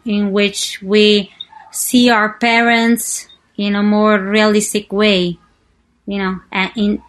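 Woman interviewing at a festival. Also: medium pitch. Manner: curious, prompting, restarts questions.

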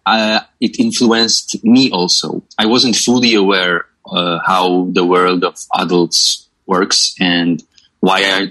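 A man's voice: low-pitched, pushed and bright, poor audio. A young Polish man, a film director, answering in English with a Polish accent, hesitant and full of uhs and repeated words.

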